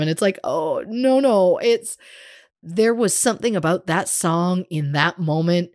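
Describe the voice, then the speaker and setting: Woman podcast cohost, chatty storyteller, lowish voice, dry close sound. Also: measured pace, no room sound. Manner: animated storyteller, acts out quoted voices. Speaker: podcast co-host. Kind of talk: casual chat.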